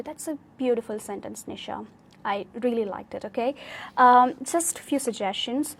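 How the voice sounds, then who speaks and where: A woman's voice: a little high, moderate pace, gravelly. A woman with an Indian English accent teaching a live online speaking class, encouraging and correcting students' sentences, often checking with "okay?".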